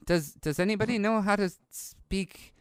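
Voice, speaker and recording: A jittery, bookish young boy wizard tumbles over his words in eager stammers, voiced by a man. The voice is smooth and clear. The sound is dry and close. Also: high-pitched, moderate pace, no room sound, pitched above the performer's own voice, lightly acted. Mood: puzzled. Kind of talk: tabletop game role-play.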